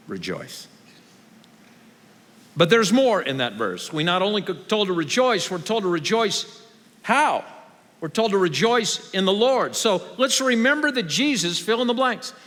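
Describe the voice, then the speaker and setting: Brief: male pastor, slightly higher voice, wry sermon delivery, long church-hall reverb. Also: fairly bright tone. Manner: conversational, wry preaching that builds to raised emphatic passages.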